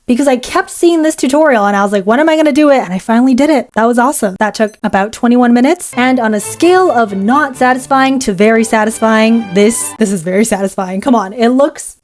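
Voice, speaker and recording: Bubbly young woman over music. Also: on the high side. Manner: bubbly, chatty, talks in quick bursts. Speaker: art YouTuber. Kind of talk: casual vlog voice-over. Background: background music.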